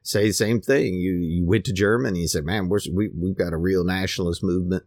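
A man's voice: deep voice, steady tone, a little fast, a little mellow, dry recording, clean studio sound. A man hosting a podcast, talking in a casual, rambling monologue that is full of restarts and repeated words. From United States. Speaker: podcast host.

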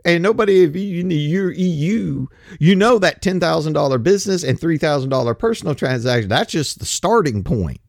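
Blunt man ranting solo, swooping higher voice, dry close sound. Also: expressive, normal speed, creaky, hardly any pauses, no echo. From United States. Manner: blunt, ranting, profane, with rambling asides. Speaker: commentator. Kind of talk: solo opinion monologue.

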